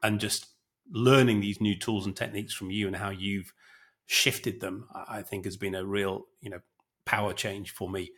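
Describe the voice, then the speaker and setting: A man with a low voice, talking through his experiences in an easygoing podcast chat. He tells stories with lively acted-out quotes and a steady, conversational flow. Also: normal speed. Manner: animated anecdotes with acted quotes. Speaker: guest co-host, former military officer.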